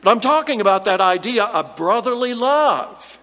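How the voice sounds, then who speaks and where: A high-pitched male preacher delivering a Bible lesson, earnest and emphatic, pressing hard on the key words of the verses. His voice hangs in a long, trailing reverb. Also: animated, moderate pace, sharp tone. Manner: earnest, emphatic, reads scripture aloud with rising stress.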